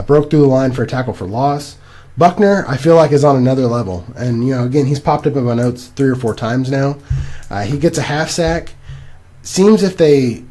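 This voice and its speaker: A young man co-hosting a casual podcast, rambling and animated as he recaps games. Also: mid-range voice. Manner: animated, rambling, laughs at himself. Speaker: podcast co-host. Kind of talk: casual fantasy football chat.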